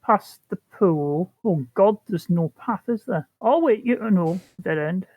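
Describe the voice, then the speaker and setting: A woman's voice: fairly low pitch, animated, measured pace, husky, no room sound, phone-quality sound. A woman playing a tabletop game, talking bluntly and scolding in character. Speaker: player.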